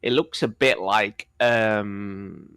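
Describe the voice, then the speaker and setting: A man's voice: fairly low pitch, drawn-out words, vocal fry, fairly bright tone, clean tone, no echo, clean studio sound. A man narrating a tabletop game as game master, rambling with fillers as he describes the scene.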